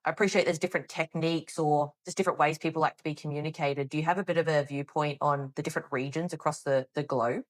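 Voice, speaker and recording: A woman hosts a podcast and asks her guest long, eager, winding questions. Her voice sits low for a woman. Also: fairly even intonation, fast, few pauses. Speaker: podcast host. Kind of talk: interviewing a guest.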